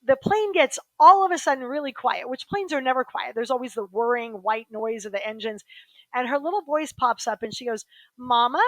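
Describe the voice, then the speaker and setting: Lively storytelling woman, crisp dry sound. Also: high-pitched, brisk, no room sound, poor audio. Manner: lively anecdotal storytelling with quoted voices. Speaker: guest, human rights attorney. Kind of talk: storytelling in a casual interview.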